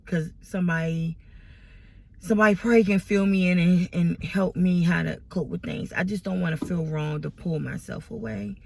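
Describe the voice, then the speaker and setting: A woman's voice: deep voice, vocal fry, a little mellow, a little hiss or hum. A grown woman vlogging to her followers, venting about family drama in an exasperated, rambling way, close to tears. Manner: tearful, exasperated, rambling with many restarts. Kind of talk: emotional personal venting to camera.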